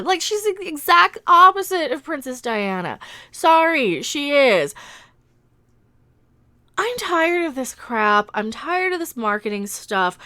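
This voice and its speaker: Indignant middle-aged woman vlogger, high bright voice, sarcastic rant, dry close sound. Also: no room sound. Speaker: vlogger, commentator. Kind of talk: ranting commentary vlog.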